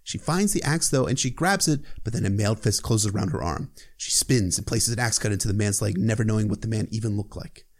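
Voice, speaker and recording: A man's voice: fairly low pitch, fast talker, few pauses. A man casually recapping a book chapter as a podcast host, irreverent and profane, with joking asides.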